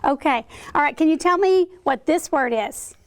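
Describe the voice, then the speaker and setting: A woman's voice: high-pitched, expressive, normal speed. A woman teacher in a classroom, teaching vocabulary to young children, asking questions and encouraging them to act out words.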